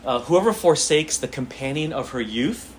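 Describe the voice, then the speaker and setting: A man's voice: mid-range voice, expressive, normal speed, a little hiss or hum. Man teaching a Bible class, "okay?". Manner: conversational, repeats phrases, frequent "okay?" check-ins.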